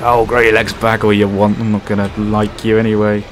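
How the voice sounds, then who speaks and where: A man's voice: fairly low pitch, moderate pace, few pauses, slight background noise. Swearing, jokey gamer man. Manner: jokey, swears a lot, panics loudly when scared. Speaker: let's play gamer. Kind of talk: casual gameplay commentary.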